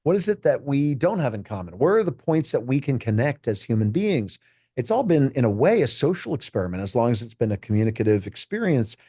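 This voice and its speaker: An American keynote speaker and juggler tells stories in a casual interview, enthusiastic and animated, acting out quotes. His voice is mellow and husky at medium pitch, a little fast. The studio sound is clean with no room sound.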